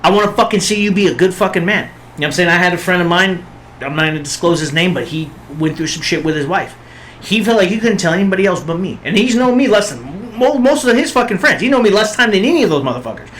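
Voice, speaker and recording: A man's voice: sits high, animated, quick pace, a bit bright, slight background noise, poor audio. A man co-hosting a podcast, talking bluntly in casual chat and swearing a lot for emphasis. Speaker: podcast co-host.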